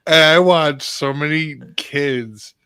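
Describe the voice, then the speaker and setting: A man in his thirties chatting casually, his voice smooth and clean with a close, dry sound. He wanders through anecdotes and leans on fillers as he goes. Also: a little high, takes it slowly, sharp tone, dry recording. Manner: rambling anecdotes full of fillers. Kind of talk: casual chat.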